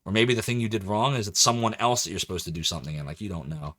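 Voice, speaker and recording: A man's voice: lowish voice, rapid-fire, fairly bright tone. A male game streamer chatting casually with his viewers as he plays, rambling and laughing often. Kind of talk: casual live-stream commentary.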